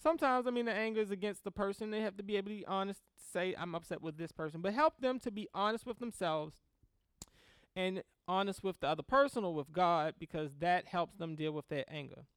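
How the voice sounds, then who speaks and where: Animated woman teaching, crisp and dry. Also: mid-range voice, fairly quick, no room sound. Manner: animated, laughs often, acts out prayers in quotes; checks in with "right?" and "okay?". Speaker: Christian teacher on grief and comfort. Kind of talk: conversational teaching talk to a class.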